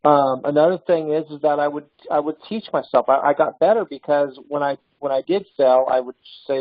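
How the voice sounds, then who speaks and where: A man giving a casual motivational sales lesson, telling stories with animated restarts. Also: fairly high pitch, brisk, few pauses, no echo, phone-quality sound. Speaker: sales trainer.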